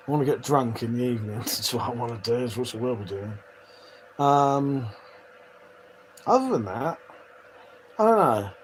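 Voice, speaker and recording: A man chats on his livestream in a medium-pitched voice, laughing and swearing often as he reads out what viewers comment. The recording is rough, with a little hiss or hum.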